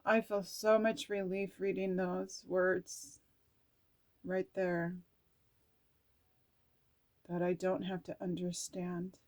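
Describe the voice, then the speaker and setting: A woman's voice: lowish voice, flat delivery, slow pace, long pauses, darkish tone. A woman reading oracle cards aloud in a video, gushing and exclaiming, often laughing or close to tears as she reacts to the words. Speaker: oracle card reader.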